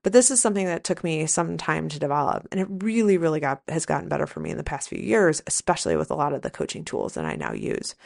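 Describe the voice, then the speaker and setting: Low, gravelly woman telling stories frankly. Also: a little mellow. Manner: candid, profane, rambling storyteller. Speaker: podcast host, nurse and coach. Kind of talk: casual solo podcast monologue.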